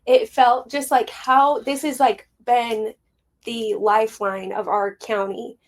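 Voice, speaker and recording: A woman's voice: fairly high pitch, fairly even intonation, takes it slowly. A woman with an East Tennessee accent chatting in a plainspoken, emotional way. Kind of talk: casual conversation.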